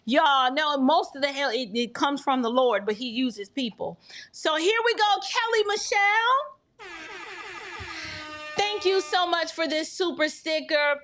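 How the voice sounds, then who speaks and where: A woman's voice: high-pitched, animated, moderate pace, fairly bright tone, soft background music. A middle-aged woman hosting a livestream, chatting in a flustered way straight to her viewers. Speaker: livestream host. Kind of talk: casual livestream chat.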